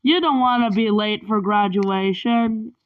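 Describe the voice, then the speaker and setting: A woman's voice: medium pitch, a little slow, lo-fi sound, lightly acted. A woman quoting a young male friend who hurries sleepers awake, in a nagging tone.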